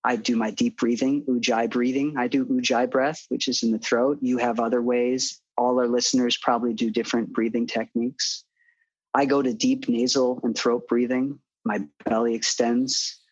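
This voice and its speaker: Man, middle-aged, husky, earnest and calm, dull dry sound. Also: mid-range voice, moderate pace, no echo. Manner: calm, earnest, acts out soothing self-talk. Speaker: podcast guest, psychologist. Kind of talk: interview conversation.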